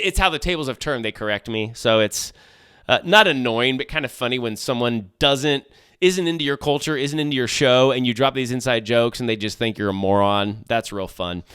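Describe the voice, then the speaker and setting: A man's voice: medium pitch, sharp tone, smooth, dry recording. A middle-aged man hosting his own podcast, chatting casually with lots of jokey asides and restarts, close on the mic. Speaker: podcast host. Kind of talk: solo casual podcast chat.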